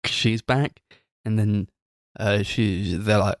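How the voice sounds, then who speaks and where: A man with a fairly low voice, recorded close and dry, retelling a film plot in a relaxed podcast chat. He talks animatedly and slips into quick impressions of the characters. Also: no echo. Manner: animated storyteller, acts out characters' lines. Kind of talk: casual film review chat.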